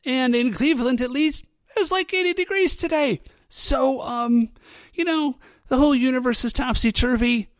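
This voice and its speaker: A man's voice: very high voice, no echo, clean studio sound. A man hosting a podcast, recapping an episode in a casual, rambling way, full of fillers like "um" and "like", with frequent laughs. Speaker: podcast host.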